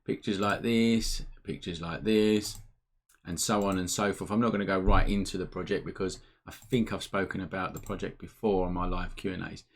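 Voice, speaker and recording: A man's voice: low-pitched, fairly even intonation, normal speed. Chatty man hosting a live Q&A. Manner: chatty, informal, upbeat. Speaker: photography teacher hosting a live Q&A. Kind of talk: casual live-stream chat. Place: home room, indoors.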